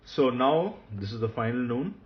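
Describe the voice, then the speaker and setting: A man teaching Hebrew grammar in a recorded lecture, patient, repeating key points and often pausing with fillers. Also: medium pitch, expressive, lo-fi sound.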